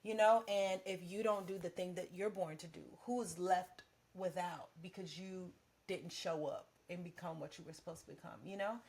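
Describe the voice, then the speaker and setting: A woman's voice: fairly low pitch, moderate pace. A woman co-hosting a podcast, chatting casually about faith and acting out her own prayers as she tells a story. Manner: animated storytelling, acts out prayers to God. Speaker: podcast co-host. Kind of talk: casual faith-based chat.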